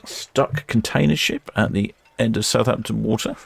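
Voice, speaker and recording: A man's voice: lowish voice, moderate pace, creaky, breathy edge. A man hosting a live stream, giving casual, rambling commentary and correcting himself as he goes. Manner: chatty, rambling, self-correcting.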